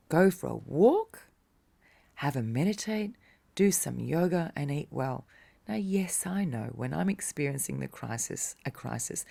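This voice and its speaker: A woman's voice: low voice, gravelly, a little mellow. A woman teaching about coping with crisis in a casual, encouraging talk, speaking straight to the listener and sometimes dropping to a whisper. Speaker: meditation teacher.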